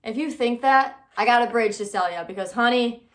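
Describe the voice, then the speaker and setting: A woman hosting her own podcast, giving casual, sarcastic commentary with lively, animated delivery. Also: on the high side, normal speed. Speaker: podcast host.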